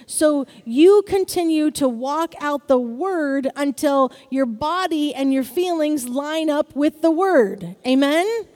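A woman's voice: sits high, expressive, slow pace, darkish tone, long reverb tail. A woman preaching a sermon in an upbeat way, often asking the congregation "Amen?".

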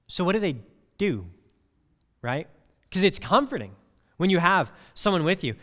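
In a church sanctuary, a man preaches a sermon at normal speed, his fairly high voice rising and falling in lively swings. He speaks conversationally, weaving personal stories into the scripture, and a long hall reverb trails after his words.

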